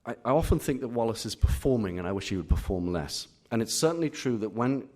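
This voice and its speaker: A middle-aged Englishman, a literary critic answering audience questions at a live reading, full of pauses and restarts. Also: medium pitch, animated, mellow. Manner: hesitant, many fillers and restarts. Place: auditorium.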